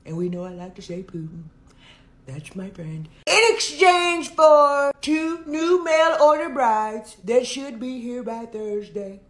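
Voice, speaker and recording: A woman's voice: a little high, slow, reverberant. A woman impersonating a boastful, rambling male president in a satirical sketch. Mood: smug. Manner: rambling, repeats catchphrases.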